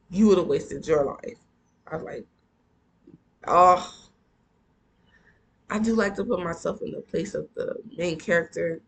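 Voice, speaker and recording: Gravelly casual reader with heated asides. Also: medium pitch, rough recording. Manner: animated, heated asides to listeners. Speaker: book reader and commentator. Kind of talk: reading aloud with casual commentary. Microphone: earphone mic.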